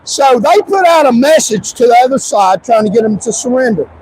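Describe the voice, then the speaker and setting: Male livestream commentator, very high voice, emphatic and repetitive delivery with occasional shouts. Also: animated, fairly quick, a little hiss or hum, poor audio. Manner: insistent and repetitive, stretching key words, at times shouting.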